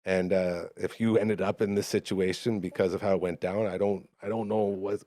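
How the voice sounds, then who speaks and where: A man's voice: sits low, moderate pace, no room sound. Laid-back man, dry close mic. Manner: relaxed, slangy, self-deprecating. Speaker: podcast host. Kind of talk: casual chat.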